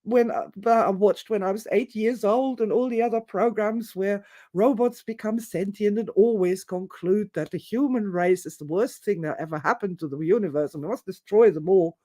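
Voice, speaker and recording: A woman's voice: medium pitch, normal speed, hardly any pauses. A woman giving an opinionated, theatrical monologue, digressing and acting out other people's reactions. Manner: animated, theatrical, acts out quotes, digressive. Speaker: presenter.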